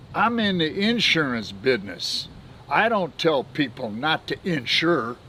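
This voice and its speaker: A man in his seventies, appearing as a podcast guest who works as a benefits administrator, tells folksy business anecdotes and chuckles between stories. His voice sits at a medium pitch, and the low-quality recording carries a little hiss or hum.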